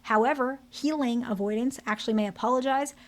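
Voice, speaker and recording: A woman therapist explaining relationship patterns directly to her audience, with a slightly high voice. She speaks frankly and keeps checking in with "okay?" and "right?" as she goes. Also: fairly quick. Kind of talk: relationship advice talk to camera.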